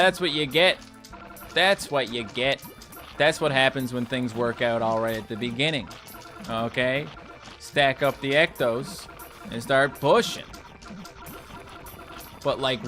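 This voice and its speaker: Animated, bright-voiced man chatting over gameplay. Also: mid-range voice. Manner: chatty, animated, talks to viewers, rants playfully. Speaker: gaming YouTuber. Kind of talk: casual gameplay commentary.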